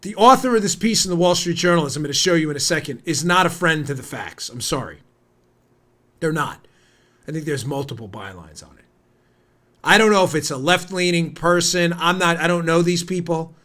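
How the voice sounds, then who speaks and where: Host, male, 40s, American, high-pitched and heated, indignant political commentator. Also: lively intonation, a little fast. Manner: heated and indignant, rising to near-shouting. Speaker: podcast host.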